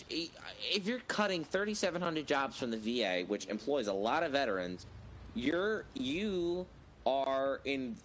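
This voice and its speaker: A man's voice: mid-range voice, fairly bright tone, a little hiss or hum. A young man in casual political chat, rambling and hesitant, restarting his sentences often. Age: young adult.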